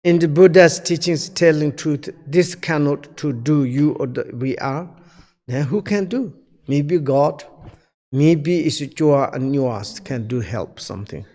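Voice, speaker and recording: A man giving a Buddhist dharma teaching in halting, non-native English full of fillers, earnestly pleading and repeating his key points. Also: on the high side, dark tone, in a large hall.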